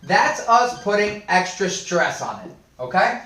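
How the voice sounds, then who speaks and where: A man teaching a live online Spanish class, playful and animated, reading and answering viewers' comments. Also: high voice, measured pace, reverberant.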